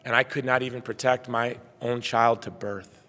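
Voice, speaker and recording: A middle-aged man delivers a heartfelt keynote speech, telling his own story in an earnest, personal way. His voice sits at an ordinary pitch and swings between hushed passages and loud bursts. A long reverb from the large banquet hall trails every phrase. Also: fairly even intonation, normal speed. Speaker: keynote speaker.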